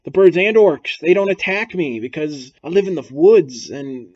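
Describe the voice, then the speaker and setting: A man's voice: a little high, animated, normal speed, a little mellow, voice pushed up. A man voicing a frantic female elf who lives in the woods, with a raised voice and a rambling warning, on dull lo-fi audio.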